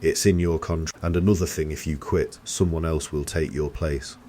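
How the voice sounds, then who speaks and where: An icy, unshakable office boss with a very deep voice, as a male horror narrator puts him on. He speaks flatly and deliberately, calm to the point of being inhuman, with a faint hiss of background noise. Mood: cold, calm. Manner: flat, measured and unnervingly calm.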